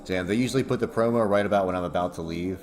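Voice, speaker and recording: A man's voice: low-pitched, racing. A young man chatting casually and profanely on a livestream, rambling and laughing often. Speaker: streamer. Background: music playing.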